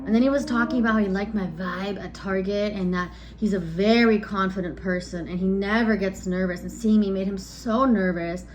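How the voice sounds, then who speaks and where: A woman in her thirties chats through a storytime vlog at a middling pitch, blunt and a little exasperated. She rambles, stops to ask herself what she means, and picks the thread back up. A faint hum of the room sits under her voice. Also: fairly quick. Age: 30s. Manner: rambling, frank, loses her train of thought. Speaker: vlogger. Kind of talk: casual storytime chat.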